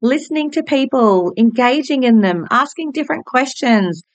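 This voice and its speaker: A woman's voice: high voice, lively intonation, moderate pace, no room sound. An Australian woman in her forties, a hairdresser hosting her own podcast, telling personal stories in a bubbly, candid way with casual swearing. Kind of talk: personal storytelling monologue.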